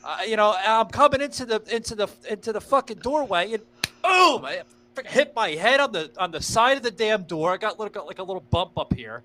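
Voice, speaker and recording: Bright-voiced, excitable male podcast host. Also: sits high, brisk, slight background noise. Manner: rambling excitable storyteller, swears freely. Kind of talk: casual podcast chat.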